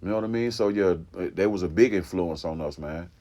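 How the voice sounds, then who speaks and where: Low-voiced laid-back man from Atlanta. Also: fairly quick, dark tone. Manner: laid-back, full of fillers and restarts. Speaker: group member being interviewed. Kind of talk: casual interview talk.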